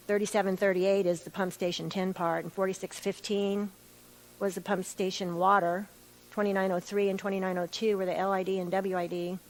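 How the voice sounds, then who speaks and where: A woman giving witness testimony at a formal hearing, answering in measured detail with some restarts. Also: fairly low pitch, slight background noise, poor audio. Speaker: utility staff witness. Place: hearing room.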